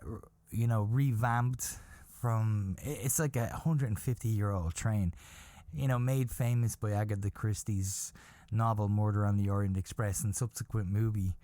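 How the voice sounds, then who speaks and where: A man hosting a podcast, telling a comic story in a rambling, animated way and swearing casually. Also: lowish voice, dry recording. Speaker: podcast host.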